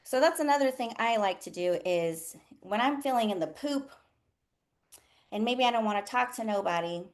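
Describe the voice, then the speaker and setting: A slightly high-voiced woman speaking at a moderate pace hosts a casual livestream as a nurse coach. Her talk is frank and full of profanity, punctuated by frequent laughter, and she animatedly voices others in quotes.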